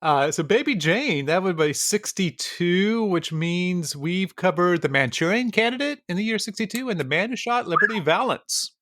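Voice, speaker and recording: Higher-voiced man, dry and close. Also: lively intonation, normal speed, few pauses, a bit bright, no echo. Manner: rambling, self-deprecating, many fillers. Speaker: podcast cohost. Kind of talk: casual chat.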